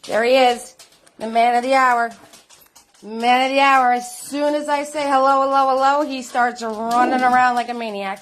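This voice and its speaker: A woman's voice: high voice, level tone, moderate pace, a crowd in the background. A middle-aged woman hosting a live online painting class, bubbly and chatty, calling her viewers doll and sweetheart.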